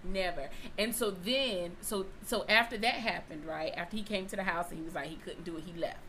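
A woman's voice: lowish voice, fairly quick, sharp tone, a little hiss or hum, rough recording. A woman telling a personal story in casual chat, acting out both sides of the dialogue.

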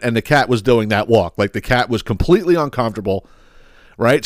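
A man's voice: medium pitch, no room sound, studio quality. A man hosting a podcast, ranting heatedly with plenty of profanity. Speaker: podcast host.

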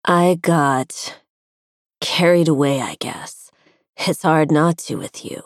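A tender young man murmurs his words softly, as a woman reads him in an audiobook. The voice sits very low and quiet, close and dry with no room around it. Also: takes it slowly, no room sound. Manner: soft, murmuring.

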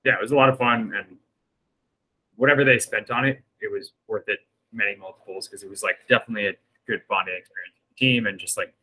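A young man talks casually on a podcast call, upbeat and a little rambling. His voice is low in pitch but bright and edgy in tone, and it comes over a video call. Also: fairly even intonation, fast talker, poor audio. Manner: upbeat, rambling with fillers and laughs. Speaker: podcast co-host. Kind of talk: casual chat.

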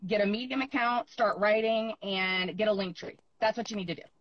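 A woman's voice: medium pitch, fairly quick, highs cut off. A woman who is a coach and a mother, a guest telling stories in a casual chat and laughing readily. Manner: storytelling, laughs readily, mimics others. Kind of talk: casual podcast conversation.

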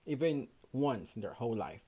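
A man's voice: medium pitch, very animated, normal speed, dark tone, husky. A young man from Houston with a Mexican Spanish accent hosts a casual solo podcast, worn out after a night shift, swearing freely and switching between English and Spanish. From Houston, Texas, USA. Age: young adult. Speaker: podcast host.

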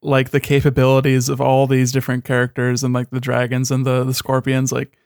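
A man's voice: medium pitch, completely flat delivery, a little fast, darkish tone, dry recording, studio quality. A man in a casual chat, sardonic and swearing often, with lots of "like". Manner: sardonic, heavy swearing, many "like" fillers.

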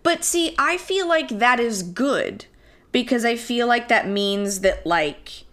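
A woman's voice: on the high side, animated, slow pace, a bit bright. A young woman co-hosting a podcast in casual chat, reassuring, using lots of fillers and laughing easily. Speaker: podcast co-host.

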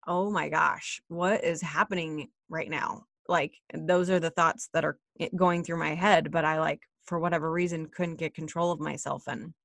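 A woman's voice: on the low side, a bit bright, no room sound, clean studio sound. A woman in her thirties, a mother, telling a candid personal story in a chatty way and often checking in with "right?".

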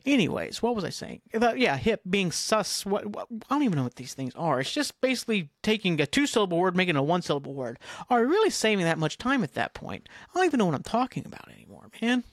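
Fast and very animated, this middle-aged podcast host talks in a high-pitched voice, captured in studio quality with no room sound. Alone on the mic, he chats in a scattered, profane, self-deprecating ramble.

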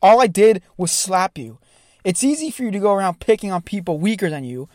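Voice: mid-range voice, expressive, fairly quick, darkish tone, no echo, studio quality, close to an everyday voice. A speaker reading a brash, scolding girl heroine. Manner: scolding, crude threats. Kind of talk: comedic read-through.

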